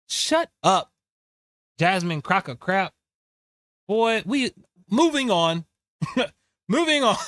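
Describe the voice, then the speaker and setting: Excitable male commentary host, bright forceful voice, close and dry, a little higher than most men. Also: no room sound. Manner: excitable, talks back at clips, laughs often. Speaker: show host. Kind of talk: casual political commentary.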